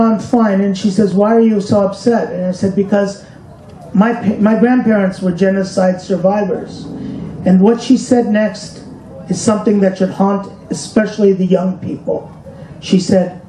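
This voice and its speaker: A man's voice: sits high, fairly even intonation, moderate pace, mellow, roomy sound, slight background noise, low-quality recording. A man telling a personal story in an emotional public speech, asking the audience rhetorical questions and pointing to pictures. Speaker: speaker at a commemoration event. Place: hall with an audience.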